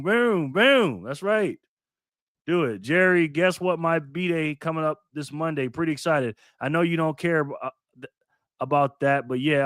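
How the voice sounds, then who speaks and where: A man hosts a casual livestream, reading viewer comments aloud in an upbeat, laid-back way, laughing often and hyping people up with repeated "boom"s. His voice is a bit bright, and the studio-quality audio has no echo.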